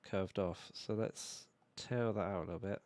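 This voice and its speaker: Low-voiced hoarse British man streaming a game. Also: normal speed. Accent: British English. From Britain. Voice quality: relaxed, rambling, self-correcting. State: hoarse from a cold, coughing. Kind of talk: casual gameplay commentary.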